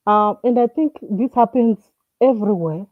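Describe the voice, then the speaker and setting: A woman's voice: medium pitch, moderate pace, dry recording, faint music behind. A woman from Africa calling in and talking casually, hesitant, with many fillers and restarts. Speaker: caller. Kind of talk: casual call-in talk. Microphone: phone or call line. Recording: tinny phone line, dry.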